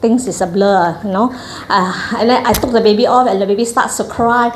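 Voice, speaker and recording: A middle-aged woman with a Malaysian English accent tells a personal story to an audience in an animated way, often acting out quoted voices. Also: mid-range voice, fairly quick, slight background noise. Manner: animated, acts out quoted voices, frequent "lah". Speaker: breastfeeding coach. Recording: echoey hall.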